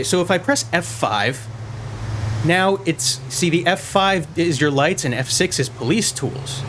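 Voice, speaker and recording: A man's voice: fairly high pitch, background noise. A man giving rambling, self-mocking commentary over a game he plays at home, often stumbling over his words. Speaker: let's-play gamer. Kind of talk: casual gameplay commentary. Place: messy room at home. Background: loud car and game sounds.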